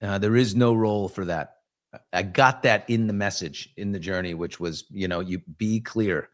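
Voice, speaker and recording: This New York man in his fifties has a lowish voice and speaks at a moderate pace. He hosts a casual live chat, answering viewers in a rambling, self-reflective way with joking asides.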